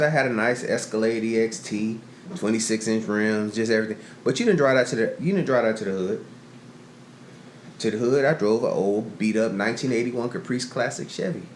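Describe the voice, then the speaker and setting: Animated profane man in a roomy room. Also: medium pitch. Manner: profane, animated storyteller acting out quotes. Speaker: podcast co-host. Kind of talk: casual chat, storytelling. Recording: roomy echo, faint noise.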